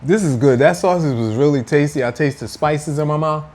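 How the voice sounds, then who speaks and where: A man's voice: on the high side, brisk, a little mellow. A man hosting a casual food vlog, playful and teasing as he talks to viewers at home. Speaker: food vlogger. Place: indoors at home.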